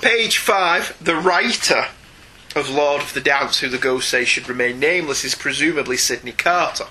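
A man's voice: fairly high pitch, moderate pace, bright, forceful tone, slight background noise, rough recording. A man co-hosting a comics podcast, chatting casually and rising eagerly when he makes a point. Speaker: podcast co-host. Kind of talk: casual chat about comics.

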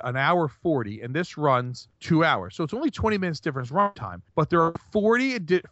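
Man, podcast co-host, rambling, lots of restarts, fairly high voice, dull muffled sound. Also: fairly bright tone, dry recording. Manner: rambling, many restarts and fillers. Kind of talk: casual podcast chat. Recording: dry, dull lo-fi podcast mic.

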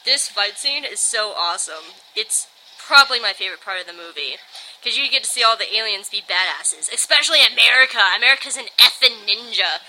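A woman's voice: mid-range voice, bright, forceful tone, a little hiss or hum, poor audio. A young woman giving a casual, bubbly review, rambling and filling her talk with "like". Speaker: video reviewer.

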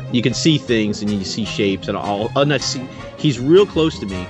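A man on a podcast, casually telling an animated story and acting out the voices in it. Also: fairly low pitch, normal speed. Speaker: podcast co-host. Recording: music bed underneath.

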